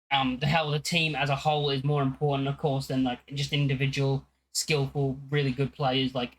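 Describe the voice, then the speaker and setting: A man's voice: mid-range voice, a bit bright, poor audio. A young man talking casually as a football fan channel host, rambling, with many fillers and restarts.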